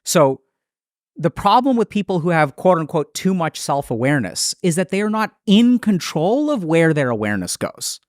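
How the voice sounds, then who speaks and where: A man's voice: fairly high pitch, sing-song, no echo, studio quality. Explanatory man in a podcast interview. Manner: explanatory, thoughtful, quick restarts. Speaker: psychiatrist.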